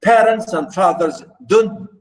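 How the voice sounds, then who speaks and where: A man with a high voice teaches a literature lesson slowly, and the recording quality is low. Walking through a passage, he repeats his points over and over, stressing them each time.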